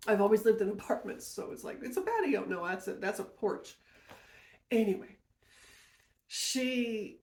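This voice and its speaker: A woman hosts a podcast and tells a personal story in a loose, rambling way, doubling back to correct herself. Her mid-pitched voice has a gravelly fry. The room adds a noticeable echo. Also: darkish tone. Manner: rambling, with frequent self-corrections and asides. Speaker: podcast host. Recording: roomy echo.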